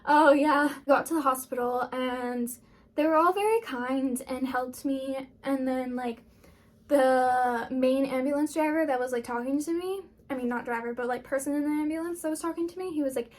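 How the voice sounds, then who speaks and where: A woman's voice: high-pitched, moderate pace. A young woman vlogger telling a personal story in a casual, rambling way, full of fillers.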